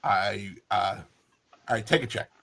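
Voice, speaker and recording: A man running a tabletop game as game master, playful, with quick asides. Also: lowish voice, creaky, bright, forceful tone.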